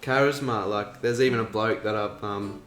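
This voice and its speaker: A man's voice: on the low side, moderate pace, a bit bright, slight background noise. Aussie guy rambling on a podcast, laid back, swears a bit, echoey room. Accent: Australian. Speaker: guest, animation creator. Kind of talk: casual podcast chat. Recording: echoey room, faint music.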